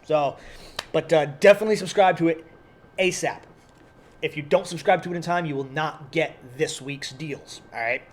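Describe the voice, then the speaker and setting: A man on a casual podcast, promoting sales and programs in a relaxed, teasing way. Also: a little high, moderate pace. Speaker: podcast co-host at an airsoft field.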